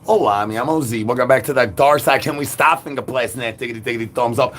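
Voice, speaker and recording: A man's voice: medium pitch, fast talker, fairly bright tone. Rambling sing-song man, faint hiss. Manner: absurd sing-song rhyming babble, silly nonsense words. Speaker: livestream host. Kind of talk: rambling nonsense monologue.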